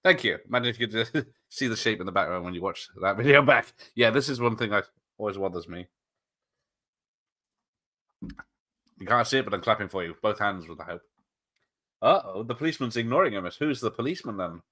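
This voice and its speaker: Casual male streamer, lowish voice, bright edge, chatty and laughing. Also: animated, fairly quick, pauses often. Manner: chatty, laughs often, answers chat. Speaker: watch party streamer. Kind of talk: casual live commentary.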